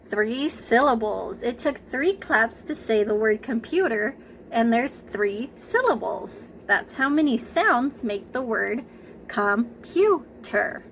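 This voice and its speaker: A woman teaching a preschool class, speaking gently and encouragingly, stretching out words for the children to clap along. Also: a little high, expressive, slow, creaky, slight background noise, rough recording. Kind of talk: slow, sing-song lesson for young children.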